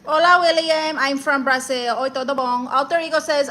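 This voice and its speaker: A woman's voice: sits high, steady tone, moderate pace, pushed and bright. A woman with a Spanish accent hosting a live stream, reading viewers' comments aloud and teasing them with sass. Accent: Spanish-accented English. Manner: sassy, reads chat aloud and teases viewers. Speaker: livestream host. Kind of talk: live stream chat, comedic.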